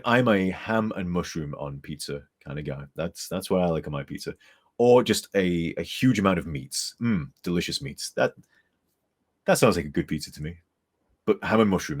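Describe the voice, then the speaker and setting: A man's voice: low voice, husky. A tired man streaming as a game modder, rambling and chuckling as he reads chat aloud, sometimes turned away from his desk mic. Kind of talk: casual live-stream chat.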